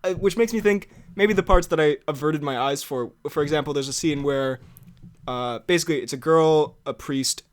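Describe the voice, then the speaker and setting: A man's voice: on the high side, moderate pace. A man co-hosting a podcast, rambling and laughing as he tells stories in casual chat. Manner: rambling, animated storytelling with laughs. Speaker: podcast co-host.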